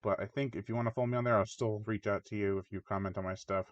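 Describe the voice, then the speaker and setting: A man's voice: lowish voice, steady tone, fast, no echo. A man hosting his own channel, giving a rambling, casual spoken review of a film and often mimicking the characters. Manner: rambling, chatty, mock voices for characters. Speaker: movie reviewer, channel host. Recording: dull lo-fi dry recording.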